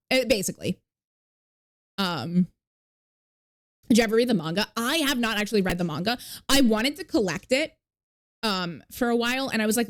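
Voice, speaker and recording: A woman streamer chatting casually with her viewers. She rambles with lots of fillers, swears freely and stops to thank new followers. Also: mid-range voice. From not New York. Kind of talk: casual live-stream chat.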